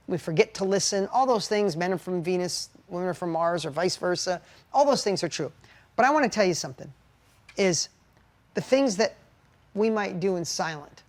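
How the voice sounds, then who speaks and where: A middle-aged man co-hosting a podcast with his wife, talking candidly in an earnest, heartfelt, confessional way and telling stories with animation. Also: on the high side. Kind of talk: candid conversational podcast talk.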